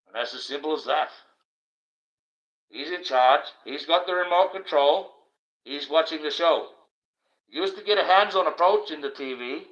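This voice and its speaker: A man hosts a livestream, talking in a rambling, preachy way that turns blunt and profane. His voice is bright and forceful. The audio is dull and lo-fi, like a webcam or phone mic. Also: fairly high pitch, fairly quick. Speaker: livestream host. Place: indoors, wearing a mask.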